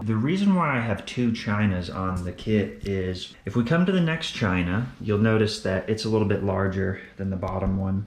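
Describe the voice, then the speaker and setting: A young man, a drummer, casually explaining his drum kit and cymbals, often repeating words as he goes. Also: fairly low pitch. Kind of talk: casual gear walkthrough. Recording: echoey room.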